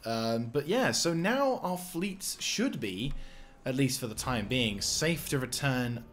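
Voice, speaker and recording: A man's voice: mid-range voice, lively intonation, takes it slowly, a bit bright, slight background noise. A man casually commenting on his strategy game as he plays, rambling, swearing and breaking into fits of giggles. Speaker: gameplay commentator. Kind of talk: casual let's-play commentary.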